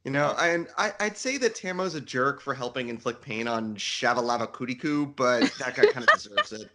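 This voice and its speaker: A man's voice: mid-range voice, a little fast, a bit bright. A man co-hosting a podcast and chatting casually about a book, laughing often between his remarks. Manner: giggly, laughs often, spells words out. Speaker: podcast co-host. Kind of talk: casual book discussion chat.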